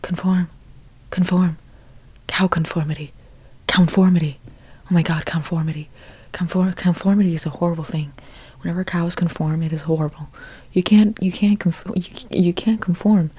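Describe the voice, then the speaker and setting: A woman's voice: on the low side, fairly even intonation, normal speed, dark tone, slightly rough. A young woman in whispered role-play, rambling through an absurd monologue in a mostly whispered voice, stumbling and restarting often. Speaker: ASMR creator.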